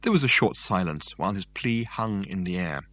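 A man reading a novel aloud as narrator in a dry, measured way. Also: sits low, expressive, a bit bright. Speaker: audiobook narrator. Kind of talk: scripted narration.

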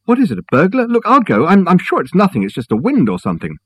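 A man's voice: high-pitched, huge pitch swings, quick pace, husky, voice pushed up, full character voice. A man voicing a flustered young man who stammers in a helpful, startled way. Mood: anxious.

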